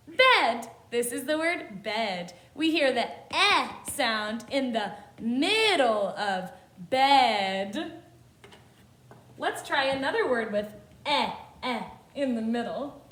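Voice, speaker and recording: A woman teaching a kindergarten phonics lesson, sounding out letters and words slowly and clearly with exaggerated letter sounds. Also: sits high, fairly bright tone. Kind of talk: phonics lesson for young children. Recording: roomy echo.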